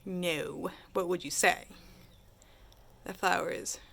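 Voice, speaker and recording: A woman's voice: lowish voice, steady tone, slow pace, vocal fry, a bit bright, breathy edge. A woman teacher giving a chatty grammar lesson, asking her class questions and answering them herself.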